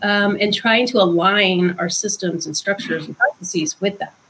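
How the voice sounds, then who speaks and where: A woman guest author explaining ideas in conversation, thoughtful and unhurried, with frequent ums. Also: mid-range voice, fairly bright tone, a little hiss or hum, low-quality recording.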